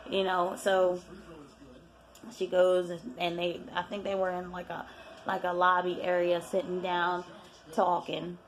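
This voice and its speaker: A woman casually recapping a reality show episode in a lively, slangy way, acting out what the cast said. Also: fairly low pitch, unhurried. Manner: chatty, animated retelling with quoted voices. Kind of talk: casual chat.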